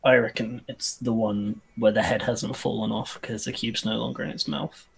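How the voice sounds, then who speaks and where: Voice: mid-range voice, steady tone, normal speed, creaky, slight background noise. A tabletop game player insisting on directions to the others. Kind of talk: casual tabletop game play.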